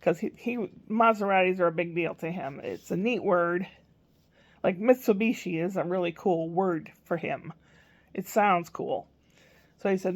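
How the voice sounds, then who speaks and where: A woman's voice: medium pitch, normal speed, vocal fry. An older woman telling a rambling everyday story about her grandson in a casual vlog. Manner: chatty, rambling, quotes a small child in a raised voice. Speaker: grandmother vlogger.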